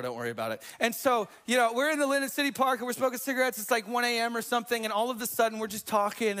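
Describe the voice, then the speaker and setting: A male pastor preaching a sermon, telling personal stories in an energetic, conversational way with jokey asides to the congregation. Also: high voice. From US Pacific Northwest.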